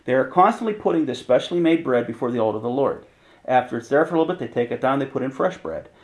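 A man teaching from the Bible in a relaxed, conversational way, reading passages aloud and paraphrasing them in everyday slang. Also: medium pitch, quick pace, rough recording. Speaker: preacher.

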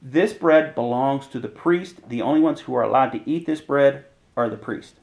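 Gravelly guy doing a laid-back bible study, reads verses then explains them like he's just chatting. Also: medium pitch, normal speed, a little mellow, poor audio. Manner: conversational, reads scripture aloud and paraphrases in slang. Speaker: preacher. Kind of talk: casual Bible teaching.

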